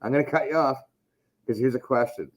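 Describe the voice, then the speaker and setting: A man's voice: mid-range voice, brisk, crowd noise. A man hosting a casual podcast chat, rambling and swearing heavily. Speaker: podcast host.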